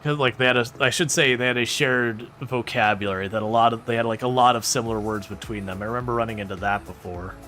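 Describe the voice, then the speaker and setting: A man's voice: mid-range voice, fairly even intonation, fast talker, few pauses, bright, forceful tone, faint music behind. A man streaming a farming game, chatting casually and rambling as he answers viewer questions. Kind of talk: casual livestream chat while playing a farming game.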